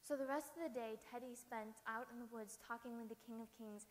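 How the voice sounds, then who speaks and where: Expressive woman telling a story. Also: on the high side, fairly quick. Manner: lively, expressive. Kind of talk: dramatic storytelling. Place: church. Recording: reverberant hall.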